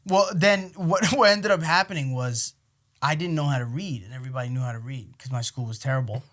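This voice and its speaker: New guy in his thirties, storytelling podcast host, bright forceful voice, fast to swing loud. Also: medium pitch. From Queens, New York. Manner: animated, profane, swings into loud outbursts acting out arguments. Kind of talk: casual storytelling chat.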